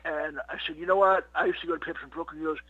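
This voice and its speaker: A man's voice: a little high, steady tone, racing, breathy edge, no room sound. A middle-aged man, a comedian being interviewed, telling stories in a rambling casual way, full of "you know what" and "he goes". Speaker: comedian guest. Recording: dull lo-fi dry recording.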